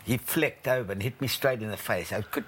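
A man's voice: lowish voice, a little fast, slight background noise. A man guest on a podcast, telling a rambling old story with restarts and chuckles. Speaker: podcast guest, former batsman. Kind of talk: casual chat, anecdote.

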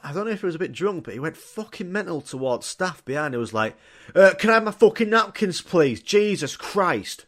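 Sweary young guy rambling. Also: on the high side. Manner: sweary, rambling and jokey, puts on voices in stories. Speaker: podcast host. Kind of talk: casual solo podcast storytelling.

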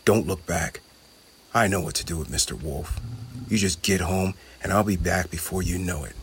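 A man doing a gruff, boastful goblin bully. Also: deep voice, moderate pace, a little hiss or hum, natural voice. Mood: urgent. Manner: boastful, bossy. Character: big gruff young male goblin bully.

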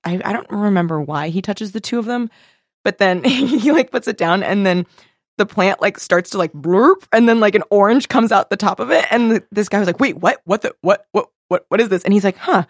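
A young woman in casual chat, telling a story with lively quoted voices, frequent laughter and casual swearing. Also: medium pitch, a little fast, no room sound, studio quality. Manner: animated storytelling, acts out quoted people, laughs often, swears.

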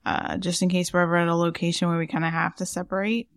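Woman, podcast co-host, low-pitched, casual rambling chat, dry close sound. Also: level tone, fast talker, dry recording. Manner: chatty, rambling, lots of fillers and laughs.

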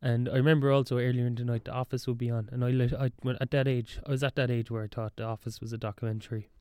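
A young man talks in a loose solo monologue, drifting between thoughts and cutting himself off mid-sentence with a wry edge. His voice is mellow and dark. The sound is dry and close. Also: mid-range voice, level tone, very fast, clean tone, no room sound. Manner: rambling, wry, self-interrupting. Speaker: podcast host.

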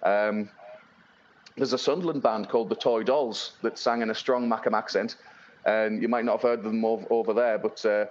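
A man's voice: fairly low pitch, steady tone, normal speed, highs cut off. A man from England, a blues-rock musician, chatting casually in an interview and rambling with many fillers and restarts. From Northeast England.

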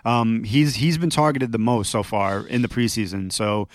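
A man's voice: on the low side, normal speed, dry recording. Easygoing man on a dry close mic. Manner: relaxed, lots of ums, direct advice. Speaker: podcast co-host. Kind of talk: casual fantasy football chat.

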